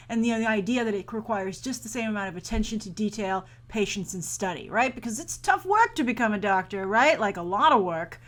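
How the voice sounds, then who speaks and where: A woman hosting a casual trailer review, chatty and enthusiastic, with quick asides and self-corrections. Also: medium pitch, a bit bright. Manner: acts out characters' thoughts in playful mock voices. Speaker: host.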